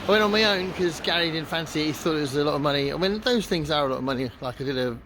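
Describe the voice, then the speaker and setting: A man's voice: fairly high pitch, racing. Chatty man vlogging outdoors, noisy. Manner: chatty and rambling, many fillers. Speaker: travel vlogger. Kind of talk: casual vlog narration to camera. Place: outdoors, sightseeing on foot and by water. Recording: outdoor noise behind voice.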